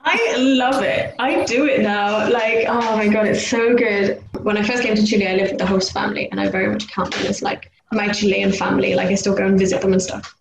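A young woman from the UK chats casually as a podcast co-host, her voice sitting at an ordinary middle pitch. She gets animated, loudly imitating street noises and jingles. The recording sounds echoey, with a faint hiss of background noise. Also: a little fast, creaky. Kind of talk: casual chat.

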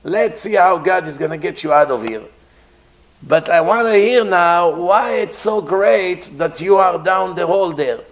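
A man voicing an angry king who taunts his servant loudly in a told story. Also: sits high, a little slow. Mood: taunting. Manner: taunting, loud and scornful.

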